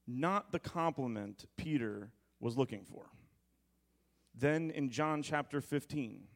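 A man's voice: medium pitch, expressive, slow, vocal fry. A man in his thirties preaching a sermon, reading scripture with conversational, joking asides and prompting the congregation to repeat words. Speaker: pastor.

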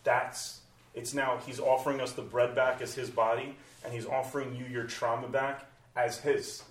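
A man preaching, his voice carrying through a roomy church hall, picked up from a distance off the mic. His pitch sits in an ordinary middle range. He swings from bright, loud exclamations down to soft, hushed passages. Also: little pitch movement, normal speed. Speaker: pastor. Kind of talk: sermon.

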